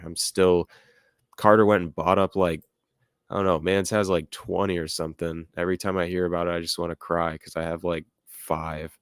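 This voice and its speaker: A man's voice: low-pitched, clear, resonant tone, no room sound, clean studio sound. A young man hosting a casual livestream, reading chat comments aloud and rambling with lots of fillers. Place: home room with music playing nearby.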